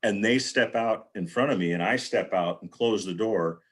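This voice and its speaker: This panel guest has a fairly low voice that is a bit bright and slightly rough, moving at a moderate pace. Joining a live video panel by video call, he tells a loose, rambling anecdote and performs the quotes.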